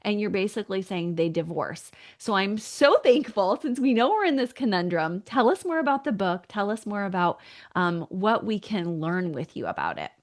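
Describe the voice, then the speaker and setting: A woman's voice: medium pitch, very animated, normal speed. A woman hosting a podcast interview, encouraging her guests with frequent affirmations. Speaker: podcast host. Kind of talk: interview conversation.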